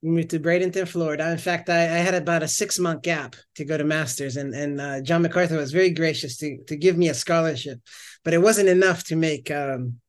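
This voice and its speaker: A man's voice: on the high side, steady tone, fairly quick. A man in his thirties, a missionary guest, telling his story in a casual interview and often restarting his sentences. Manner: rambling, self-correcting storyteller with frequent restarts.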